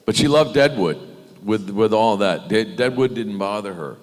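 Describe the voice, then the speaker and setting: A deep, low-voiced middle-aged American man spins stories for a convention crowd, slipping into quick impressions of other people and laughing along. His voice rings out with the long reverb of a big convention hall. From United States. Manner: animated storyteller, mimics others, laughs often. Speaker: convention panel guest. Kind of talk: telling anecdotes at a panel.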